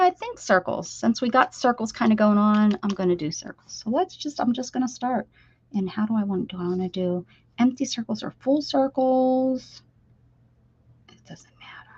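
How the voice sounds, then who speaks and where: A mid-range woman's voice with a darkish tone and a breathy edge. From Pennsylvania, USA, she chats straight to viewers while drawing on a casual art livestream, sometimes lowering to a whisper, and the recording is slightly dull lo-fi stream audio.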